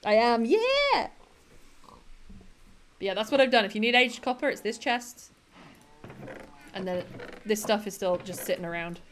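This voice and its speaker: A woman's voice: mid-range voice, moderate pace, pauses often, fairly bright tone, a little hiss or hum. A woman chatting casually with her live-stream viewers while she plays a building game, giggling often and answering chat between tasks.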